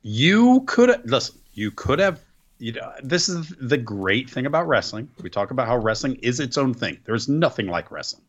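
A man's voice: medium pitch, sing-song, normal speed, highs cut off. A man chatting casually as a podcast co-host, giving enthusiastic commentary. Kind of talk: casual chat.

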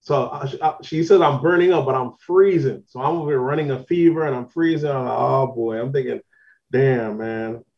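Still shaking off the last of an illness, this male podcast co-host spins a lengthy, easygoing tale full of slang. He talks quickly in a slightly high voice, barely pausing, over dull-sounding audio.

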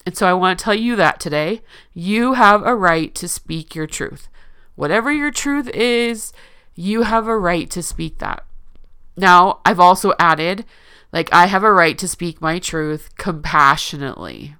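A woman's voice: on the low side, animated, unhurried, pushed and bright, smooth. A woman speaking earnestly in a confessional personal monologue, emotional and often restarting her sentences.

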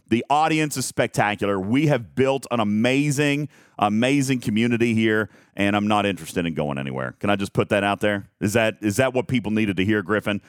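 A man hosting a live stream, talking in a rambling, self-mocking way with lots of halting restarts. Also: lowish voice, clean tone, no echo, clean studio sound. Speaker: host of a live game talk stream. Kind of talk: casual live-stream chat.

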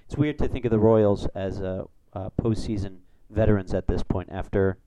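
A man hosting a casual sports podcast, rambling through stats and getting excited over big plays. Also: lowish voice, normal speed, slight background noise, low-quality recording. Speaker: podcast host.

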